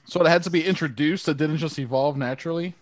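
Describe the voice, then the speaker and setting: A man's voice: fairly high pitch, quick pace, no room sound, clean studio sound. A man chatting on a podcast, curious and asking follow-up questions. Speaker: podcast co-host. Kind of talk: casual chat.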